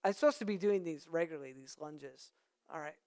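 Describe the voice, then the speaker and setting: A pastor preaching a conversational sermon, with playful asides to the congregation. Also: male voice, a little high, a little fast, a little mellow, smooth.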